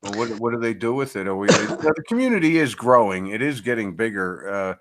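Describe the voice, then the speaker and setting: A man speaking as a guest in a casual online chat, relaxed and agreeable, chuckling now and then. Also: on the low side, brisk.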